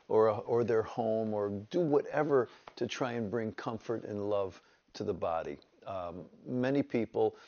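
The highs are cut off in this clip of a low-leaning male voice. He's a pastor in his seventies from upstate New York, recounting his personal testimony as a lively story with quoted voices.

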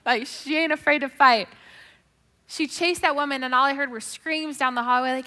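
Woman, bright and forceful tone, emotive testimony storyteller, long hall reverb. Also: high voice, moderate pace. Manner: emotive storytelling, drops to a hushed whisper then rises loud. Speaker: speaker giving a faith testimony. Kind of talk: personal testimony.

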